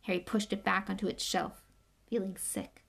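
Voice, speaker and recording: A woman reading a novel aloud with expressive, measured storytelling. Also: mid-range voice, vocal fry. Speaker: reader.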